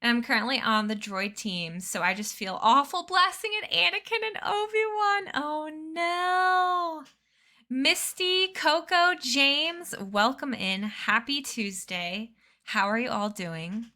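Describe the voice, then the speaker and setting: A woman's voice: a little high, lively intonation, measured pace, pushed and bright. A young woman in her twenties chatting casually with her stream chat, bubbly and giggly, sleepy. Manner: bubbly, giggly, reads chat names aloud. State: sleepy, yawning. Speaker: streamer reading a book aloud.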